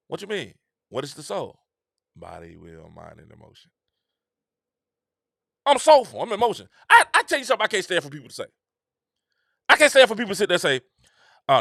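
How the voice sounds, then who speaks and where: Emphatic, high-voiced man riffing on the show. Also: sing-song, fairly quick, pauses often, bright, forceful tone, no room sound, clean studio sound. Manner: repetitive, emphatic, slangy and conversational. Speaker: show host. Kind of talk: casual commentary monologue.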